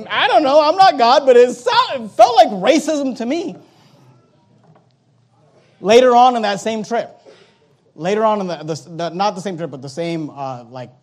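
A man in his thirties, a pastor telling a personal story in a sermon, acting out the people in it with lively quoted lines. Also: high voice. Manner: animated anecdote with quoted voices.

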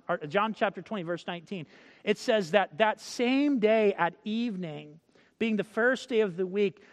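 High-voiced preacher in a reverberant hall. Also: male voice. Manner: storytelling, acts out quotes, reads scripture slowly. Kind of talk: sermon with scripture reading.

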